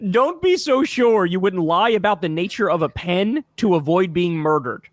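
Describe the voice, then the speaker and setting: A man's voice: high voice, lively intonation, moderate pace, dry recording. A man hosting a reaction video, in mocking, profane casual commentary, laughing often.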